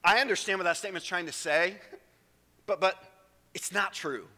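A man delivering an earnest sermon as pastor, dropping into hushed low phrases and then rising to emphatic raised ones. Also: normal speed. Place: church sanctuary. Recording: long reverb of a church hall.

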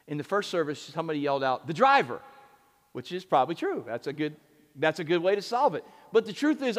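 A man with a high voice preaches a sermon, talking plainly and tossing questions to his listeners. His voice carries through a large hall with a long reverb. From United States. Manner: conversational, asks the audience questions. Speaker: pastor.

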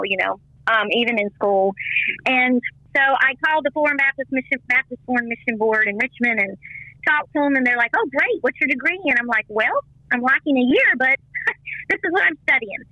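A woman's voice: no echo, dull audio. A middle-aged woman, a former missionary and teacher, telling her faith story in an interview and acting out the voices she quotes. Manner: lively storyteller, acts out quoted voices with big pitch jumps. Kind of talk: personal faith story told in conversation.

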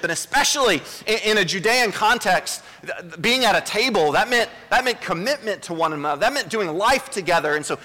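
A man pastor preaching a sermon from a church stage, earnest and repetitive, dropping to a soft hush for quoted words. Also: on the high side, in a large hall. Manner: earnest, repeats words, drops to a soft hush when voicing Jesus.

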